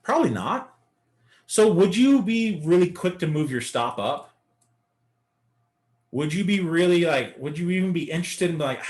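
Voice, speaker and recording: A man's voice: fairly high pitch, lively intonation, moderate pace, long pauses, a little mellow. A man teaching a live beginner day-trading lesson, coaching and talking through chart examples. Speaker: trading instructor.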